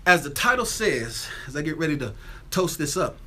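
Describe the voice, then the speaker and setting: A man's voice: on the high side, very animated, moderate pace, bright, forceful tone, slight background noise. A man from Atlanta, hosting a casual livestream from his home on a phone, greeting viewers by name and repeating his catchphrases. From Atlanta, Georgia. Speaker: livestream host. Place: home with windows open.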